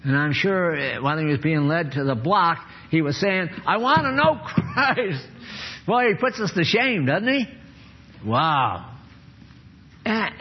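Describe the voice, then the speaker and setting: An older man delivers a homespun sermon in a husky, slightly high voice. He talks plainly and chuckles, then rises into bursts of fervor. The old recording sounds muffled. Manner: folksy and chuckling, jumps into animated bursts. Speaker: preacher. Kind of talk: informal sermon. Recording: dull lo-fi recording.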